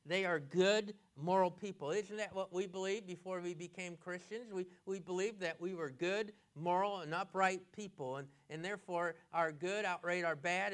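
A male pastor preaching an expository sermon, halting with many fillers and restarts. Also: high voice, clear, resonant tone.

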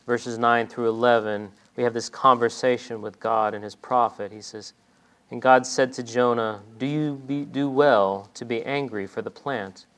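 Man, preacher, sermon delivery, mid-pitched voice, dramatic swells in quoted lines. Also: clean tone. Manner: dramatic, voices quoted speech with rising intensity.

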